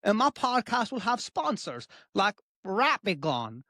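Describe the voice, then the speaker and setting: A woman voicing a grumpy, greedy male chef who talks deadpan in broken grammar. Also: a little slow, no echo, clean studio sound, exaggerated voice. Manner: deadpan, broken grammar, wild pitch swings. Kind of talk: improvised comedy bit.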